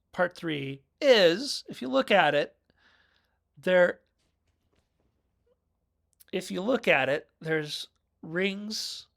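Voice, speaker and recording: A man's voice: sits high, vocal fry, a bit bright. A man rambling through a casual, jokey film review on his own video channel.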